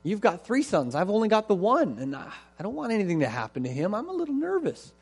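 A man's voice: high-pitched, huge pitch swings, quick pace, a little mellow, slightly rough, pitched above the performer's own voice, heavily acted. A man voicing a nervous ancient Hebrew father who frets and rambles as he reassures himself. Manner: fretful, rambling, self-reassuring.

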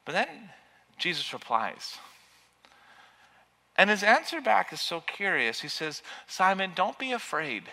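A man preaching a sermon with passion, building to loud, urgent peaks. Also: high-pitched, big pitch swings, a little slow, pauses often. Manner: impassioned, rising to near shouting at peaks. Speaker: pastor. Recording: long reverb of a large hall.

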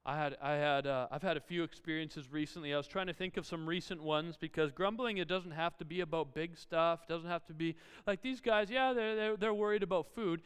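A male pastor with a high, very clear voice delivers a sermon full of animated, self-deprecating family stories. His words ring out with a long reverb through a church hall. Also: fairly quick, few pauses.

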